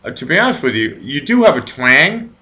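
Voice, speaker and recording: A man's voice: on the high side, sing-song, fairly quick, bright, forceful tone. A man hosting a casual live chat show, rambling and stammering through crude jokes.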